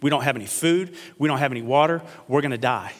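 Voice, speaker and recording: A man's voice: medium pitch, fast talker, natural voice. A pastor briefly voicing a terrified shipwrecked man in a sermon joke. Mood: exasperated. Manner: frantic, pleading. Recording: long hall reverb.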